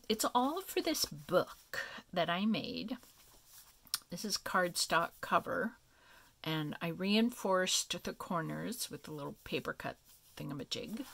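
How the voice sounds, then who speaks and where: A woman casually showing her handmade paper crafts, talking softly and meandering as she thinks aloud. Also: on the low side, gravelly. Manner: soft, meandering, thinking aloud with many fillers. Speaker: craft vlogger. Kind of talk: casual crafting show-and-tell.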